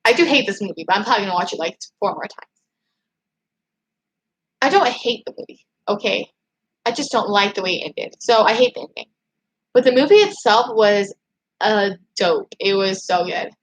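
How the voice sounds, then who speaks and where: A woman hosting a casual livestream, chatting and reading viewer comments aloud. She rambles excitably, restarting her sentences often. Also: mid-range voice, normal speed, pauses often, poor audio. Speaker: YouTube channel host.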